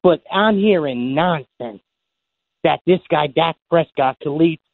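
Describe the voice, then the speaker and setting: Male caller with a New Jersey accent, insistent and heated, heard through a tinny phone line, slightly high pitch. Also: lively intonation, unhurried, creaky, no room sound. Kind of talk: call-in to sports radio.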